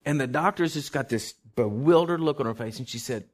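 An older man, telling a personal faith testimony in a rambling way, full of fillers, moving from hushed tones to shouted declarations. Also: mid-range voice, a little fast, hardly any pauses. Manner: emotional, swings from hushed to shouting. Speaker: testimony speaker.

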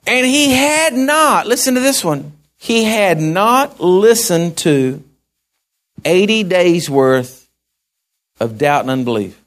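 A man's voice: sits high, lively intonation, slow pace, a bit bright. A man preaching a sermon in a folksy way, with asides to the congregation. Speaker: pastor.

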